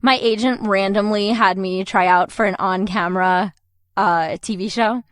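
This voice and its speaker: A woman's voice: mid-range voice, steady tone, normal speed, clear, resonant tone, dry recording, clean studio sound. A young adult woman, a voice actor, telling stories in a casual interview and laughing often. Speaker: voice actor guest.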